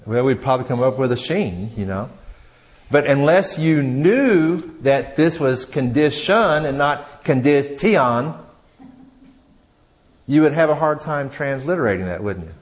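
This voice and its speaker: A man teaching a class in a conversational way, with frequent restarts, questions to the audience, and a voice that drops quietly at the ends of phrases. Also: medium pitch, lively intonation, normal speed. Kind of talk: classroom lecture.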